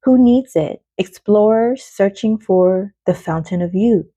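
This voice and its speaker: Chatty lady doing a card reading, mellow voice, dry close sound, laughs and swears a lot. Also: mid-range voice, measured pace, dry recording. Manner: loose, chatty, laughs often and swears casually. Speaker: oracle card reader. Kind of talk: casual spiritual card reading.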